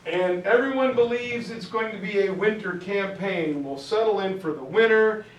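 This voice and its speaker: A high-voiced man lectures on history with an animated storyteller's energy. His voice sounds roomy and a little distant from the mic. He slips in quick character voices for the people in his story. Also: muffled recording, slight background noise. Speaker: history teacher. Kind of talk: lecture with acted-out quotes. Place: classroom.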